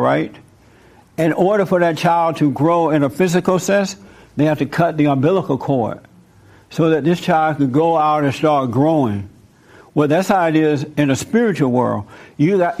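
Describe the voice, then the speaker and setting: Man, fairly high voice, informal sermon, lively storytelling. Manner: casual, acts out biblical figures in lively voices. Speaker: preacher teaching a group.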